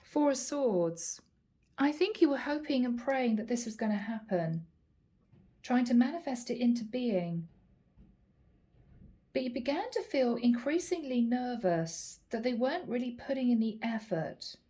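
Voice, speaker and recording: A woman's voice: fairly high pitch, expressive, dark tone. A woman giving a channeled tarot reading in a chatty style, drawing out words for emphasis. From Ireland. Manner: chatty, drawn-out emphatic phrasing. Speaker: tarot reader.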